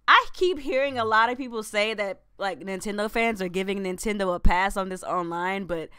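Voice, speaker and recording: A woman's voice: medium pitch, moderate pace, sharp tone. A woman co-hosting a casual gaming chat, chatty and slangy, laughing often. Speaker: podcast co-host.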